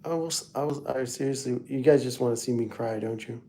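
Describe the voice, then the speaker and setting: A man's voice: medium pitch, steady tone, brisk, dark tone. A middle-aged man hosting a casual livestream, rambling through family photos and chatting to viewers by name. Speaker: livestream host.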